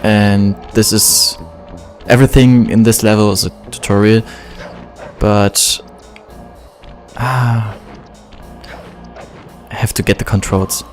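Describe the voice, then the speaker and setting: A man from Germany with a German accent, giving relaxed, self-deprecating commentary while playing a video game. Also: lowish voice, slow, pauses often, soft background music. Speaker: let's play gamer. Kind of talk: casual gameplay commentary.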